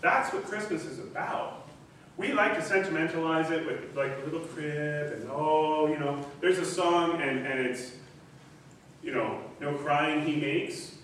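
A pastor delivering an animated, conversational sermon and sometimes acting out lines in other voices. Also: male voice, on the high side, measured pace, a little hiss or hum. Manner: animated, conversational preaching with acted asides. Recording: echoey hall, mic at a distance.

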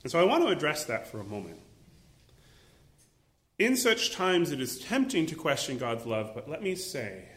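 Animated preacher man in an echoey room. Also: a little high, moderate pace, pauses often. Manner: animated, acts out voices and exclaims. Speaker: pastor. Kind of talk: sermon.

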